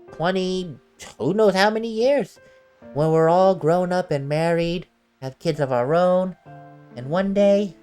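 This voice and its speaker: A woman voicing a gentle, wistful teenage girl in a video game, reading in a soft, reflective way. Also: lowish voice. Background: faint game music.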